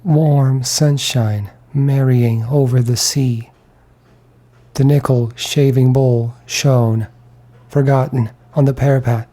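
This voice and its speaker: A man narrating a literary audiobook in a measured, deliberate way. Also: medium pitch, fairly even intonation, warm tone. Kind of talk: scripted narration.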